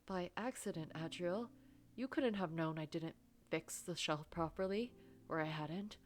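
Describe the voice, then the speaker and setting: A woman's voice: fairly low pitch, measured pace, a little hiss or hum, lightly acted. A woman doing a goofy, eager young man. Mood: earnest. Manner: light, earnest and playful.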